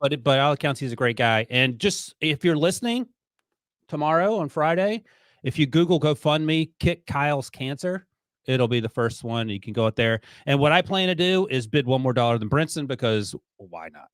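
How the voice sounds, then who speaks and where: A man co-hosting a sports podcast, joking in a quick, wry way. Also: mid-range voice, expressive, no room sound. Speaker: podcast co-host. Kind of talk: casual sports podcast chat.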